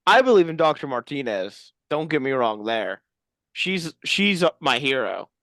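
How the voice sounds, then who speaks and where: Deadpan rambling podcast co-host, dry mic. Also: mid-range voice, moderate pace, no room sound. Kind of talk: casual comedic chat.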